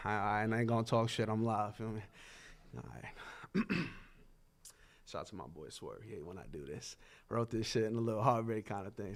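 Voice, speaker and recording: A man chatting casually from an open mic stage before his rap, laid-back and slangy. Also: on the low side. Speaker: rapper and performer.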